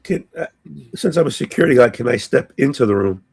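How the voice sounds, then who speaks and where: A hoarse man playing a tabletop game, hesitant and thinking aloud with many ums. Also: medium pitch, lively intonation, fast, a little mellow, no room sound. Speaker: player.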